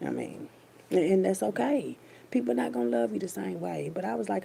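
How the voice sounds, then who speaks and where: A woman's voice: mid-range voice, huge pitch swings, brisk, creaky, mellow, slight background noise. A middle-aged woman telling a story to her listeners in a chatty, loose way. She uses heavy slang and calls her listeners baby and child. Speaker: vlogger. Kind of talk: casual storytelling monologue.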